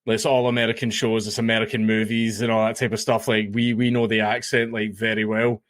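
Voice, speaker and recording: A Scottish man, a guest on a podcast, chats casually and animatedly acts out the people he mocks in his stories. His voice is lowish and brisk. The recording is dry with clean studio sound.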